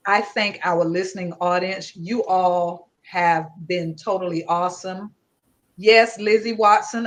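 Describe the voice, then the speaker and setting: Effusive woman host with a lilt. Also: mid-range voice. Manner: effusive, emotional, greets viewers by name. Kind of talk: livestream talk show.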